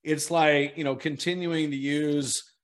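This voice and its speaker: Man, middle-aged, interview guest, animated storyteller, higher voice. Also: unhurried. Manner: animated storyteller acting out quoted dialogue.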